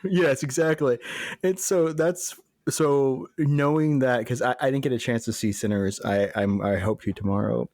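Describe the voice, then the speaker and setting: A man from Texas co-hosting a podcast in casual chat, who is emphatic, opinionated, and quick to laugh. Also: medium pitch, a little mellow, no echo, clean studio sound. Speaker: podcast co-host.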